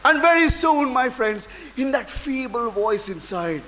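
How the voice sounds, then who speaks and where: A man giving a dramatic, emotional inspirational speech to an audience, full of long pauses. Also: extremely high pitch, very animated, a bit bright, slight background noise, poor audio. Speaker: public speaker.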